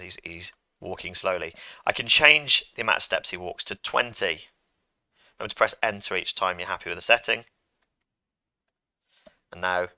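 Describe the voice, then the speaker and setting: A man's voice: low voice, sharp tone, no room sound. A man teaching a coding lesson to pupils, chatty and playful as he talks through each step on a computer microphone. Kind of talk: screen-recorded coding lesson.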